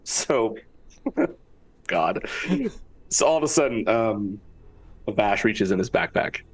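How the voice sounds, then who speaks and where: A man's voice: fairly low pitch, expressive, takes it slowly, breathy edge, recorded from a distance, poor audio. A man playing his character in a tabletop game, rambling with lots of fillers and laughing asides, on a computer mic. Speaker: player. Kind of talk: tabletop role-play, in and out of character. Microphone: computer mic with keyboard.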